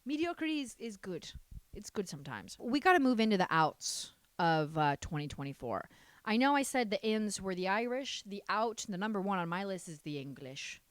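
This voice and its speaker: Animated, frank woman podcast host. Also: mid-range voice, normal speed, no room sound. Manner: frank, animated and sassy, with casual swearing. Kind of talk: casual advice chat.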